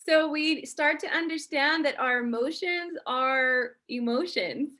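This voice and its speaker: Slow-speaking higher-voiced woman guest. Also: sharp tone. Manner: explains points from a numbered list, says "mm-hmm" often while listening. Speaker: podcast guest. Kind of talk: casual podcast chat.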